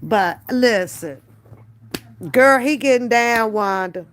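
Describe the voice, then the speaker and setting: Speaking slowly in a fairly high, fairly bright voice, an older woman runs a reaction channel stream with casual commentary. Her blunt, foul-mouthed trash talk gives way to cooing, doting baby talk aimed at her toddler grandson. Slight background noise is present.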